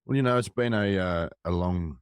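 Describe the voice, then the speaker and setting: A man's voice: sits low, normal speed, clear, resonant tone, no room sound, studio quality. A middle-aged Australian man in casual conversation, talking reflectively and loosely with many restarts. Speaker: musician guest and co-host.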